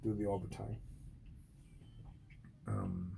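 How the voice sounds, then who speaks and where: A man's voice: flat delivery, slow pace, gravelly, dark tone, slight background noise. A man who is a former Marine, talking bluntly and profanely in an unscripted vlog monologue, with many restarts. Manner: mimics others in a high mocking voice.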